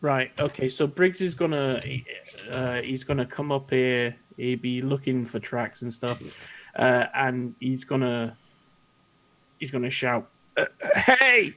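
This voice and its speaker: A man playing a tabletop game over voice chat, speaking in a halting, hesitant way. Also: mid-range voice, steady tone. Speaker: player.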